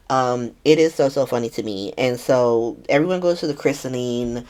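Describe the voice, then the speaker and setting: Low-voiced woman in casual recap chat. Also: normal speed, few pauses, warm tone. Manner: chatty, profane, acts out quotes in shifting voices. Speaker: podcast host recapping a soap opera.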